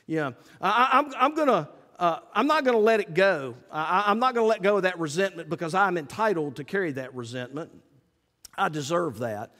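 A middle-aged man preaching a sermon, telling a story with lively acted-out quotes. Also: high-pitched, fairly quick. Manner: animated storytelling, acts out quotes loudly. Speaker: pastor. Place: church sanctuary. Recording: long reverb of a church hall.

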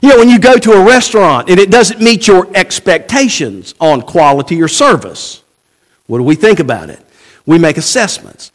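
High, lively-voiced man preaching. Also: moderate pace. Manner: animated preaching, acting out quoted voices, rhetorical questions. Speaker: pastor. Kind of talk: sermon.

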